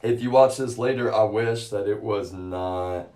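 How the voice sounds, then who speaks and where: A man streaming live, ranting with heavy swearing and constant repetition, swinging from low muttering to shouts. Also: a little slow. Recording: echoey room.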